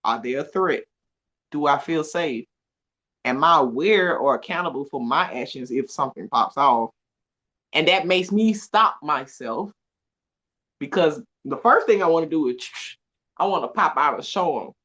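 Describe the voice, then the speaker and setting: Woman, podcast guest, expressive, laughs often, lively pitch. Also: moderate pace. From Atlanta, USA. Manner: animated, expressive storytelling with frequent laughs. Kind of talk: casual conversation.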